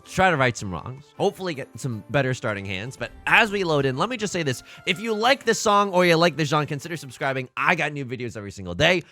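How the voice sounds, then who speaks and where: A young man giving jokey, excitable commentary over a mahjong game he is playing, breaking into sudden outbursts. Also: a little high, fast, hardly any pauses, soft background music. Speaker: gaming YouTuber and commentator. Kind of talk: mahjong let's play commentary.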